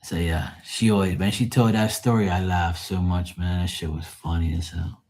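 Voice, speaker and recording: A man's voice: deep voice, fairly even intonation, normal speed, darkish tone. A man hosting a late-night live tarot stream, telling stories in a rambling, profane way and laughing at them. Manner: laughs often at his own stories. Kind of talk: late-night livestream storytelling.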